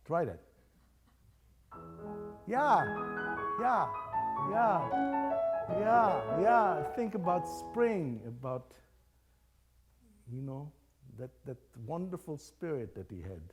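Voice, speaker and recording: Older man, piano teacher, animated voice, sings little phrases, faint music behind. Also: a little high, slow pace, long pauses. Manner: sings phrases aloud to demonstrate, encouraging and playful. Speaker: piano teacher leading a master class. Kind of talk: coaching musicians in rehearsal. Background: chamber music playing.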